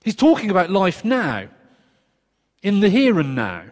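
A man preaching a sermon in a conversational, earnest way, with quick asides and restarts. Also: high voice, huge pitch swings. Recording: long reverb of a church hall.

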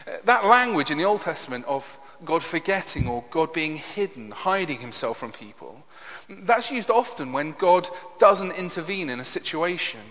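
A man preaching a sermon in an earnest, emphatic way, with a lively, rising and falling delivery and a fairly high voice. He keeps drawing the listeners in with rhetorical questions. His voice rings with a long reverb from the hall.

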